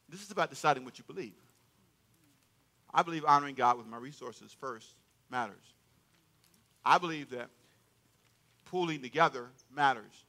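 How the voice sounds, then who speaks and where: A man preaching a sermon as pastor in a church, calling out to the congregation for responses. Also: a little high. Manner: call-and-response preaching, loud and emphatic. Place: church sanctuary.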